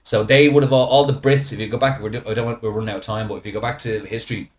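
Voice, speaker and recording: A middle-aged Irish man, a podcast guest, talking in a rambling, animated way, often checking in with "right?" and "you know". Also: medium pitch, racing. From Ireland. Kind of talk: casual podcast chat.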